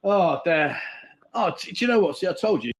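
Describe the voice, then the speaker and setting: A middle-aged man hosts a casual livestream, reading viewers' comments aloud and bantering cheekily with them. His high voice swings widely in pitch, and he speaks briskly.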